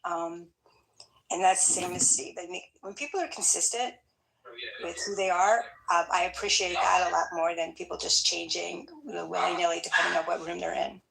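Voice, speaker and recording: A woman with a low, strongly gravelly voice speaks evenly and thoughtfully in a group chat. Faint noise sits under her line. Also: fairly even intonation, a little fast, fairly bright tone, rough recording.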